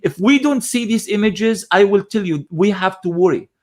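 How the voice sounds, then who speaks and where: A man's voice: high voice, expressive, moderate pace. A man giving live news commentary, impassioned, repeating phrases for emphasis and using many fillers.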